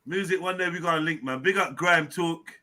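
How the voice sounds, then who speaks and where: Bright-voiced man, animated. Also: a little high, fairly quick. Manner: animated storytelling with slang and swearing. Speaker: host and personal trainer. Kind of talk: casual live-stream chat.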